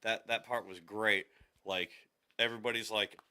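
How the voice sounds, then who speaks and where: Brief: male podcast co-host, lowish, bright tone, rambling and profane. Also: fairly even intonation, normal speed. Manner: rambling, swears, acts out quotes. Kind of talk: casual chat.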